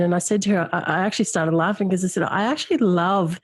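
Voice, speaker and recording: Low-voiced earnest woman podcast host. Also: husky, no echo. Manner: earnest, reflective, speaks slowly at key words. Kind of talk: emotional podcast conversation.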